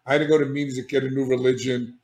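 An older man, a guest on an interview, telling his recovery story in an animated, emphatic way, often restarting sentences and checking in with "all right?". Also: medium pitch, rapid-fire. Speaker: guest, addiction therapist. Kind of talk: candid personal storytelling. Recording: echoey room.

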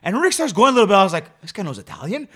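A young man co-hosting a casual podcast, telling stories with animated energy and frequent laughter. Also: sits high, racing, slightly rough. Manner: animated storyteller, laughs often. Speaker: podcast co-host. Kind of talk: casual chat.

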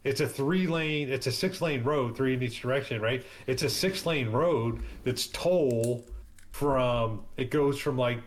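A man's voice: mid-range voice, unhurried, a little hiss or hum. A man explaining things in a casual chat, rambling with many restarts and fillers. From East Coast of the United States.

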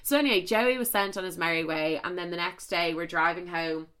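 A woman's voice: lowish voice, fairly quick, a bit bright, clear, resonant tone. A young Irish woman telling a story in a casual chat to camera, swearing freely and filling her talk with "like". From Ireland. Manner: chatty, swears a lot, full of "like" fillers.

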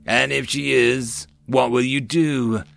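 A man voicing a grave, weary older male magister in an audiobook, speaking in a measured, slow way. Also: mid-range voice, creaky, fairly bright tone. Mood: gentle.

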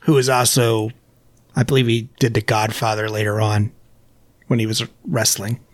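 A man's voice: on the low side, flat delivery, moderate pace, dry recording. A man co-hosting a podcast, telling rambling, joking anecdotes. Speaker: podcast co-host. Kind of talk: casual chat.

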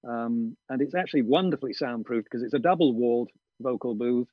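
A husky male audiobook narrator speaks briskly in a mid-range voice during a video-call interview from a garden studio shed. Though quick, he's thoughtful and hesitant, peppering his speech with ums and restarts. The recording is dry, dull and lo-fi.

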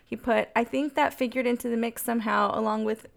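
A woman's voice: on the high side, fairly even intonation, brisk, vocal fry. A woman co-hosting a podcast, chatting casually about songs with lots of filler words. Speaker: podcast co-host.

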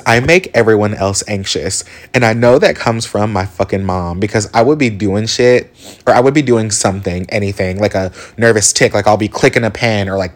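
A man in his twenties hosting a solo podcast, talking in a rambling, candid way full of swearing and side stories. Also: fairly low pitch. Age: 20s. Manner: rambling, candid and profane, with mimicked voices. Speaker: podcast host. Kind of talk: casual solo podcast monologue.

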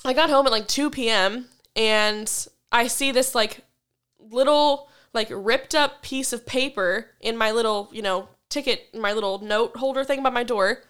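A young woman swears freely and tells her story with animated energy in a relaxed chat. Her voice sits a bit higher than most. She laughs easily as she talks. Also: measured pace, clean tone. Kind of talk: casual chat.

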